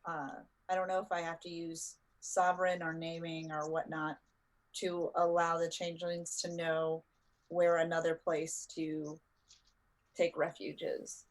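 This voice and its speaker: Lower-voiced woman game player. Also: completely flat delivery, measured pace. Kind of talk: casual tabletop play.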